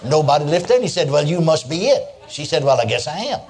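A man's voice: fairly high pitch, big pitch swings, fast, darkish tone, faint music behind. An older man preaching a sermon, telling stories in a folksy way and chuckling as he goes. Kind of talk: sermon with storytelling.

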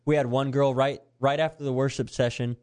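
A man's voice: mid-range voice, brisk. A man, a youth pastor, animatedly telling a story in conversation and acting out the voices of the people in it. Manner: animated, acts out quoted voices, earnest.

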